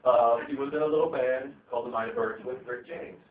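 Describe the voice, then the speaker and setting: A man's voice: medium pitch, steady tone, fast talker, slight background noise. A man doing a stand-up set, rambling and profane, with lots of fillers. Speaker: stand-up comedian. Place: comedy venue stage. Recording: echoey, tinny, distant live recording.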